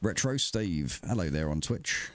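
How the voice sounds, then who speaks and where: Chatty game streamer. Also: male voice, sits low, expressive, unhurried. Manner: chatty, swearing banter with viewers. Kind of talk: casual livestream chat.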